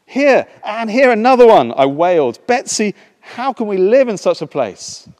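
A frightened young woman prisoner exclaims in a raised, strained tone, as a man reads her lines aloud. The voice sits well above a normal speaking pitch and tips toward alarm. A long reverb from a large hall trails every phrase. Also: big pitch swings, takes it slowly, exaggerated voice. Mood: distressed.

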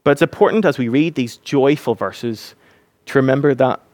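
A man preaching a sermon, earnest and animated when he acts out scenes. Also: medium pitch, moderate pace, no echo.

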